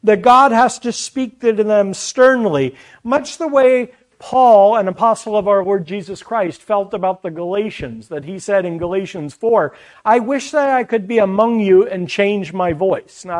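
A man preaching a sermon, teaching earnestly from scripture with chatty asides to the congregation. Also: high voice.

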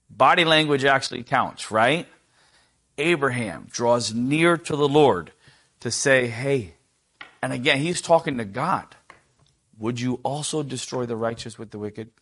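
This is a sermon from a middle-aged man whose pitch sits in the middle range. Rhetorical questions go out to the listeners, and his voice falls to a hush whenever he quotes something tender.

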